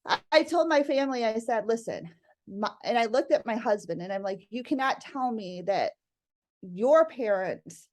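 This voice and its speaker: A middle-aged woman with a fairly high voice tells a family story as a guest. She speaks in a lively, animated way, laughing often and acting out the voices of her kids and husband. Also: moderate pace. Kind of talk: casual storytelling interview.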